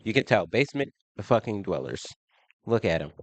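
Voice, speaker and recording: A man from Baltimore giving heated, profane reaction commentary, incredulous and quick to laugh, in his basement on a faulty home mic. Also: lowish voice, sing-song, no echo. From Baltimore, USA. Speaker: reaction video host.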